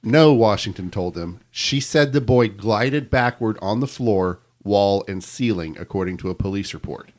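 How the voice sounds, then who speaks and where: A man hosting a podcast, reading a news account aloud to his co-hosts in a measured storytelling way. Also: on the low side. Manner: measured storytelling with quoted reports. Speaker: podcast host telling the story.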